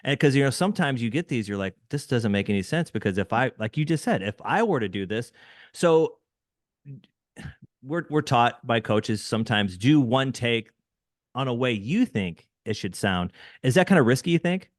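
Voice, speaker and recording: A man's voice: medium pitch, animated, moderate pace, dry recording, studio quality. A man hosting a podcast interview, affirming his guest often and asking questions with enthusiasm. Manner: affirming, frequent mm-hmms, enthusiastic. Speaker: podcast host. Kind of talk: casual interview talk.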